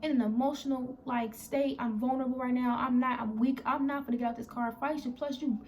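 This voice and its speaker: Young woman with a gravelly, higher-pitched voice. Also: steady tone, a little fast, darkish tone, slight background noise. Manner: candid, rambling, restarts and quotes others. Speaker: vlogger. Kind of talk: emotional storytime vlog.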